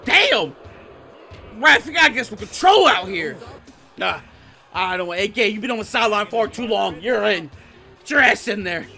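A man giving excitable, profane gameplay commentary, trash-talking and bursting into shouts while he plays. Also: sits high, moderate pace, creaky, pauses often, faint music behind. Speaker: gaming YouTuber.

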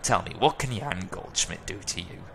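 A man's voice: low voice, animated, moderate pace, vocal fry, noisy background. A man voicing a jowly, amused older male cafe regular in a video game, with a smug drawl. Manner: smug, drawling, relishes bickering. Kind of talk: reading a video game's dialogue aloud.

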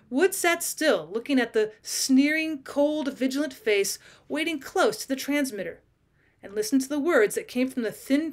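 A woman teacher reads a classic short story aloud for her students. Her fairly high voice carries a clear, steady storytelling pace. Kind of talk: audiobook narration.

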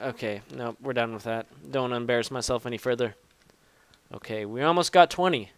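A young gaming YouTuber gives loose, rambling commentary on his gameplay, swearing a lot and making fun of himself. His medium-pitched voice is very animated and moves at a moderate pace, with music playing behind him.

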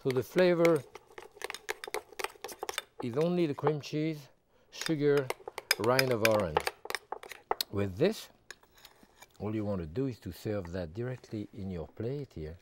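A man working as a TV chef, walking through a cooking demonstration step by step and adding relaxed asides as he goes. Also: medium pitch, slow pace, pauses often, noisy background. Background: background music.

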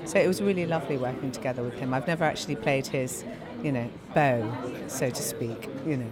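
An actress chatting at a red-carpet premiere, self-mocking and quick with asides. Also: female voice, rumbling low. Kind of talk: casual red-carpet interview. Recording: crowd noise from a premiere. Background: crowd chatter.

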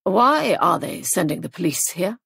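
Woman reading clipped terse older military man, storybook, gravelly. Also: fairly low pitch, very animated, moderate pace, fairly bright tone, no room sound, studio quality, exaggerated voice. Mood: tense. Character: stiff, guarded older army man.

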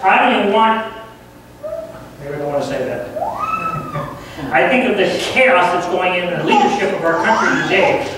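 A man with a high voice preaches a fervent, emphatic sermon. The sound is heavily echoey, as if picked up from a distance across a church sanctuary, with a faint hiss underneath. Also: fairly bright tone. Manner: earnest, emphatic, grows fervent. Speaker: guest preacher.

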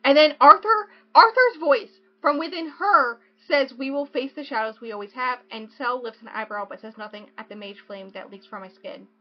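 A woman's voice: sits high, moderate pace, few pauses. A young woman hosting a casual podcast, gushing about a book and reading passages aloud. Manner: gushing, excitable, swings between reading and joking. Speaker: podcast host. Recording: dull lo-fi podcast audio.

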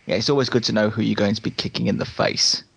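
A man hosting a casual podcast interview, hesitant with many filler pauses. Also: lowish voice, steady tone, creaky, a bit bright, breathy edge.

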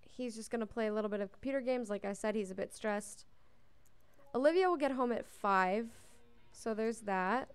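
A young woman narrating her own game playthrough in a relaxed, talkative way, often gushing over how cute things are. Her voice sits a little high and sounds smooth and clean. She reads the game's prompts out loud as she goes. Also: normal speed, soft background music. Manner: chatty and gushing, coos over cute moments; reads on-screen game text aloud. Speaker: let's play host. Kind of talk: casual gameplay commentary.

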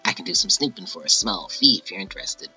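A man's voice: low voice, expressive, quick pace, sharp tone, husky, soft background music, full character voice, rough recording. A man voicing Skelly, a sly skeleton spy who snoops for a fee, in a game playthrough.

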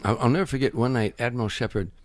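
An older man, a comedian guest, telling animated anecdotes and acting out other people's voices and sound effects. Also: mid-range voice, racing, no room sound, studio quality.

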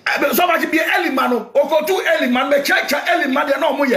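A man with a Ghanaian accent preaching in a loud, fiery rant, often shouting. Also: very high-pitched, fast talker, creaky, few pauses. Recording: echoey room, faint noise.

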